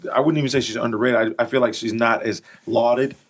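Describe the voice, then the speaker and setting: Animated man griping playfully about a film. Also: medium pitch, fast. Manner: animated, exaggerated complaints. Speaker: podcast guest, comedian. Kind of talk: casual chat.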